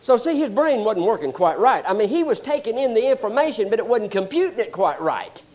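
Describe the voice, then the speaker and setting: A man preaching a sermon, explaining scripture and telling animated stories. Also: sits high, brisk. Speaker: pastor.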